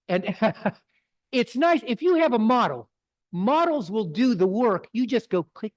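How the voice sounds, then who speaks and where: A man's voice: sits high, very animated, normal speed. A middle-aged man, presenting to a photography club in a folksy, digressing storytelling way. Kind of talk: casual talk with slides. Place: club meeting room.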